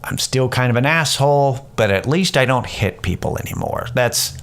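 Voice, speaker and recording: A man's voice: medium pitch, normal speed, clear, resonant tone. A man in his thirties hosting a podcast, telling a personal story in a candid, rambling, profane way. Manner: candid, rambling, profane, animated when quoting others. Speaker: podcast host. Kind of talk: casual storytelling monologue.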